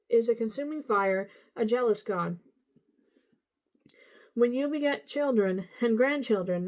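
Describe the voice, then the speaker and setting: A woman reading the Bible aloud at a steady pace, now and then stumbling and correcting herself. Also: fairly high pitch, rough recording. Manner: steady reading with occasional slips and self-corrections. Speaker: Bible reader.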